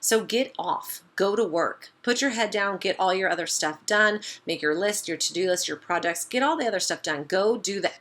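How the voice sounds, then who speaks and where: A woman's voice: medium pitch, moderate pace, hardly any pauses, a bit bright. A woman business coach giving a motivational talk to camera, emphatic and direct, repeating her points and calling her viewers "you guys".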